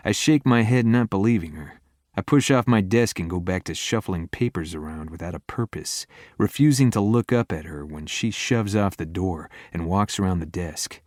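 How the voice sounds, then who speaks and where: A man narrating a first-person romance audiobook in a low, intimate delivery. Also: darkish tone, no echo, studio quality.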